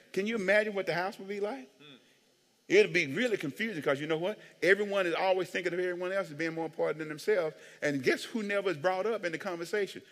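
Male pastor, high and bright, animated joking sermon delivery, long church reverb. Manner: animated, joking, calls for amens. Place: church sanctuary.

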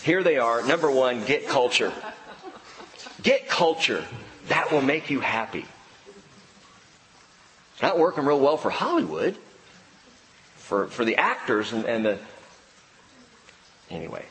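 A male pastor preaching a sermon, swinging between loud emphatic peaks and quiet low drops, with dry humor. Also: sing-song, unhurried, pauses often. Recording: long hall reverb, faint ambience.

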